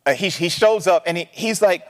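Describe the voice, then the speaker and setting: A male pastor preaching a sermon in an animated, conversational way, often checking in with "right?". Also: high voice, brisk, in a large hall.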